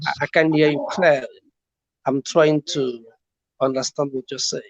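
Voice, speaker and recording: A man's voice: a little high, little pitch movement, normal speed, lo-fi sound, a little hiss or hum. A man with a Nigerian English accent, calling in to a chat stream, giving hesitant, brief answers with fillers. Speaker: caller. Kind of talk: casual call-in chat. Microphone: online call.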